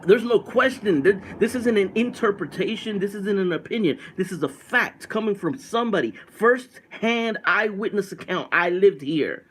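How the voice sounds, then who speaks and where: Middle-aged male vlogger from Puerto Rico, high voice, very animated swings, emphatic direct address. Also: moderate pace, hardly any pauses, slight background noise. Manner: emphatic, repetitive, talks straight to viewers. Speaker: political vlogger. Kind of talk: casual opinion vlog to camera. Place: home by a window.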